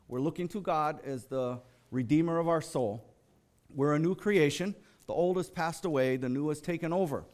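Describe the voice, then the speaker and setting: An American man giving a sermon, telling stories animatedly and acting out the voices of the people in them. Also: mid-range voice. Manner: animated storytelling, acts out quoted voices. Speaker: lay preacher.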